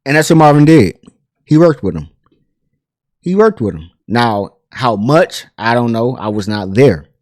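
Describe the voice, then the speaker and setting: A man hosting a pop culture commentary channel, telling a story in a chatty, animated way full of asides and fillers. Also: medium pitch, a little slow, dry recording, clean studio sound. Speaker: host.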